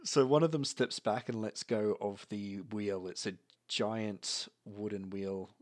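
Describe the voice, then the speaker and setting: A man narrating as game master in a measured, descriptive way. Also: lowish voice, fairly even intonation.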